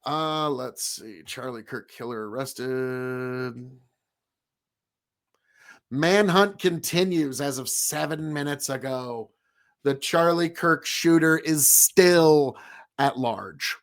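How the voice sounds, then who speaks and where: A man's voice: fairly high pitch, takes it slowly. A man streaming live, giving rambling, emphatic commentary as he reacts to his chat, hammering points home by repeating them.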